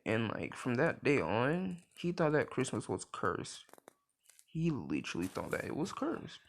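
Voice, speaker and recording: Brief: young guy, gravelly, lively swoops, rambling casual storyteller. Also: mid-range voice, unhurried. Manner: rambling, filler-heavy, many restarts. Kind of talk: casual improvised fan story.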